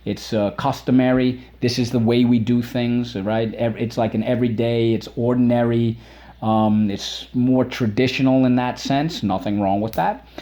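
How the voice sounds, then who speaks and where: A man's voice: medium pitch, steady tone, moderate pace, dark tone. A middle-aged man teaching a spelling lesson to children, repeating words and sounding out their syllables.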